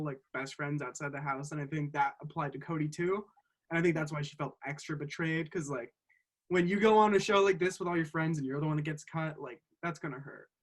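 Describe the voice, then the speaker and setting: Lightly high-voiced male podcast host. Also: a bit bright. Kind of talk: casual chat.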